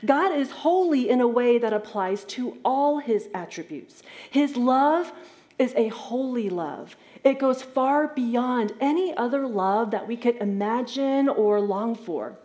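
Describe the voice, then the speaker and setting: A woman's voice: a little high, animated, a little slow, dark tone. A woman preacher giving a sermon in a conversational, explanatory manner.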